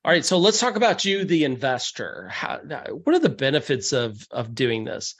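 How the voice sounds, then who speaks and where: A man's voice: medium pitch, sing-song, moderate pace, fairly bright tone. A man giving a conversational, step-by-step seminar presentation on real estate deals, slipping into quoted voices of buyers and investors.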